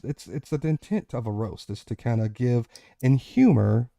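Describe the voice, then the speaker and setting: A man's voice: medium pitch, animated, moderate pace, gravelly, mellow, no echo. Man, panel host, emphatic, preachy, dry close sound. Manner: emphatic, lecturing. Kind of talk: casual panel discussion.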